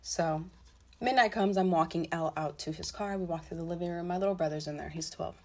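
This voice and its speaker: A woman's voice: on the low side, a little fast. Blunt, foul-mouthed young woman telling a story. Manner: blunt and profane, swearing freely; animated retelling with frequent asides. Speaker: storytelling vlogger. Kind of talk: casual storytime monologue.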